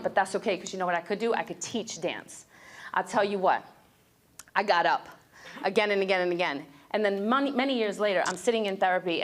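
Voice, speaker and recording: A woman giving a motivational speech to students at a breakfast event, telling her story in an animated way and acting out the people in it, speaking into a handheld mic. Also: medium pitch. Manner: animated storyteller, acts out quoted voices.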